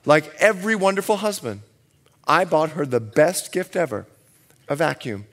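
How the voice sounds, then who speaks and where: A man preaching with a high voice that leaps up and down. He is a middle-aged pastor who tells jokey stories from home life and acts out the lines of each person in them. His delivery is animated and playful. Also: moderate pace, pauses often, slight background noise. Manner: humorous storytelling, acting out quoted dialogue. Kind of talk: sermon.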